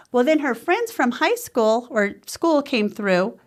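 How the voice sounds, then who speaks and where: Animated woman telling a story. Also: on the high side, slow. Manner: animated, acts out the voices in her stories. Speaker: small-business owner guest. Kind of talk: storytelling in a podcast interview.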